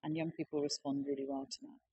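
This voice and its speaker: Low-voiced woman giving a talk. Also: level tone, quick pace, mellow, a little hiss or hum, poor audio. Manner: plain, persuasive, explaining with figures. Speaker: conference speaker. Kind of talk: conference presentation.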